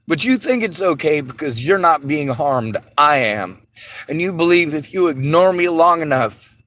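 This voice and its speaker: A man's voice: fairly high pitch, a bit bright. Bitter man ranting with heavy swearing. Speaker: vlogger. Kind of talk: angry monologue to camera.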